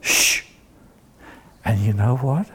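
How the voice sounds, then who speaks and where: Brief: male storyteller for a children's show, unhurried delivery, gravelly texture, gentle and expressive. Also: mid-range voice.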